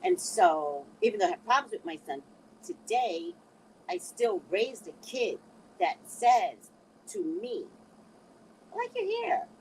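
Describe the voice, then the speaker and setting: A woman's voice: on the high side, unhurried, a little hiss or hum, poor audio. A middle-aged woman giving casual motivational advice, acting out quoted voices as she talks. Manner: animated, quotes others in changing voices. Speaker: speaker giving life advice.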